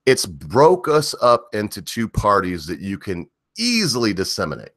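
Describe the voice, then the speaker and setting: A man's voice: on the low side, sing-song, normal speed, fairly bright tone, no echo, clean studio sound. A middle-aged man hosting a livestream, ranting in a rambling, profane way with frequent chuckles. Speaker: livestream host.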